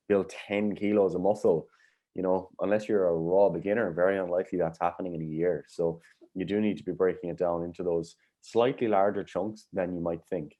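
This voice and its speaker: Deep, mellow male co-host. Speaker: podcast co-host. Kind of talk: casual podcast chat.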